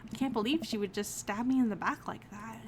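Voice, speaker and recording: A woman's voice: fairly high pitch, fairly quick, background noise, natural voice. A woman reading the lines of a hurt, confiding teenage daughter in a game. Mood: upset. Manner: upset, confiding, rueful. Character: heartbroken teenage girl, daughter.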